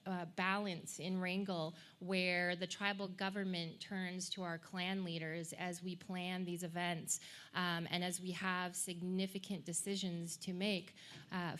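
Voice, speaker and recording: A woman from Alaska welcomes an audience at a public event in an earnest, formal way. Her voice sits a little low for a woman, and she speaks with feeling. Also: fairly bright tone. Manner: emotional, earnest, formal introductions. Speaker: tribal administrator. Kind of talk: ceremonial welcome speech.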